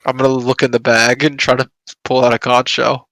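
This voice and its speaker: A man's voice: medium pitch, level tone, brisk, sharp tone, no echo, rough recording. A man playing his character in a tabletop role-playing game, speaking playfully. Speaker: player.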